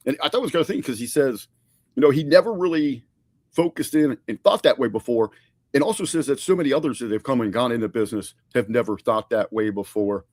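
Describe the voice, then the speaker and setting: A man's voice: mid-range voice, fast, darkish tone, no room sound. Chatty male podcast co-host, dry sound. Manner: conversational, many fillers and restarts. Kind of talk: casual podcast review chat.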